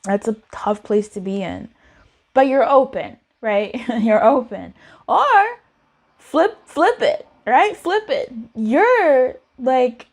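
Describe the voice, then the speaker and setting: A woman's voice: on the high side, animated, slow pace, darkish tone. A woman giving a casual tarot reading in a chatty, giggly, playful way. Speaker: tarot reader.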